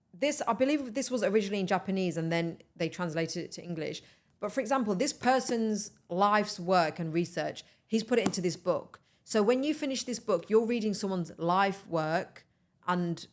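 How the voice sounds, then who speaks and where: Young woman, podcast host, casual motivational chat, animated and eager. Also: mid-range voice. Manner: animated, enthusiastic, talks straight to listeners as "guys".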